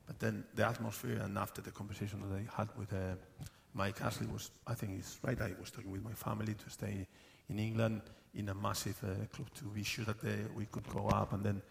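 A man, a football club manager, answering questions on stage at a live event, halting with many fillers and often laughing. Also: fairly low pitch, little pitch movement, vocal fry, noisy background.

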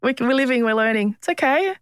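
A woman's voice: high voice, lively intonation, fast, clear, resonant tone, no echo, studio quality. A woman, speaking as a podcast guest. She talks frankly and bluntly, with teasing humour and the odd swear word. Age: 50s. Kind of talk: candid conversational interview.

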